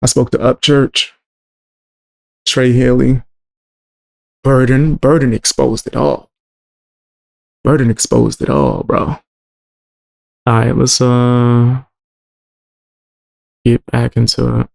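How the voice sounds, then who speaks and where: A man's voice: mid-range voice, level tone, slow, vocal fry, long pauses. A man hosting a stream, talking in an offhand, slangy way between clips. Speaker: host. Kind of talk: casual stream commentary.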